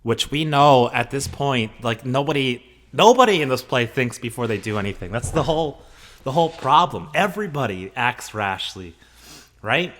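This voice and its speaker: A man's voice: mid-range voice, lively intonation, normal speed, fairly bright tone. A man teaching a play, reading the lines aloud with feeling and then explaining them in casual, joking asides.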